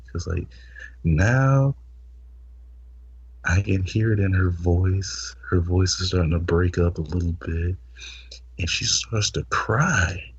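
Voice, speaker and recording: A man's voice: sits low, slow, pauses often, slightly rough, muffled recording. A man hosting a podcast, telling a blunt, explicit story in casual talk and stammering over repeated words. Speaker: podcast host.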